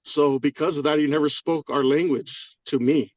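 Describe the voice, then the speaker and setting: Emotional guy on a live call, husky and teary, swears a lot then says sorry, kinda high voice, dry muffled audio. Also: fairly even intonation, moderate pace, no echo. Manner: rambling, swears often, apologetic. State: crying. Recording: dull lo-fi audio.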